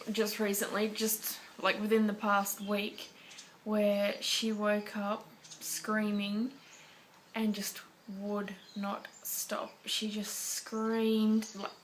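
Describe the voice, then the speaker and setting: A woman's voice: mid-range voice, monotone, extremely slow, slight background noise. An Australian woman chatting casually to camera as a parenting vlogger, rambling along with lots of fillers.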